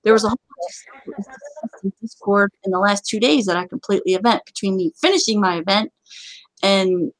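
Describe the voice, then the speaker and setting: A woman's voice: mid-range voice, fairly quick, no room sound, rough recording. A woman hosting a casual live-stream chat, talkative, laughing easily and turning stern when she warns her viewers. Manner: chatty, laughs often, stern warnings. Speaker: livestream show host.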